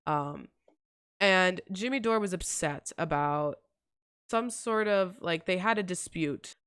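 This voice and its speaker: Blunt, profane woman, crisp voice. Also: on the low side, slow pace, a bit bright, no room sound, studio quality. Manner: blunt and profane, gets heated. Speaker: reaction video host. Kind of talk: casual commentary, reading messages aloud.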